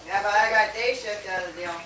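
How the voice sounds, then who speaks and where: A woman in casual chat, answering with quick, joking replies. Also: mid-range voice, sharp tone. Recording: echoey room, far from mic, noisy.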